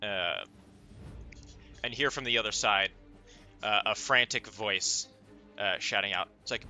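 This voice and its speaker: A man narrating a tabletop game as game master, halting often with filler sounds as he goes. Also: on the low side, sharp tone, muffled recording, faint music behind.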